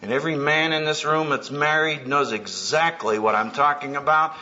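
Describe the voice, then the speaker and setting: A man's voice: fairly high pitch, normal speed, bright, forceful tone. Punchy, humorous male preacher. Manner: punchy, humorous, acting out scenes. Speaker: speaker at a Christian conference. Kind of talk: sermon. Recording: dull lo-fi tape with faint hiss.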